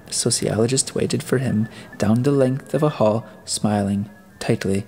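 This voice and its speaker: A man narrating an audiobook in a deliberate way, now and then restarting a phrase. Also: on the low side, steady tone, a little mellow, breathy edge, soft background music. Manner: deliberate reading with occasional restarts. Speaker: audiobook reader.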